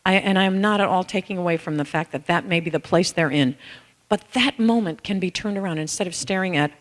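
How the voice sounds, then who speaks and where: Her voice sits on the low side and moves fairly quickly as this middle-aged author tells an audience personal stories. She keeps it candid and conversational, acting out lines with "I'm like," in a recording with long hall reverb.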